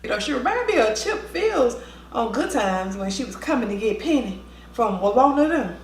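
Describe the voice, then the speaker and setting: A woman telling a school story in a lively vlog style, acting out the voices with quick asides. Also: on the high side, echoey room, slight background noise. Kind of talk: storytime vlog, animated retelling.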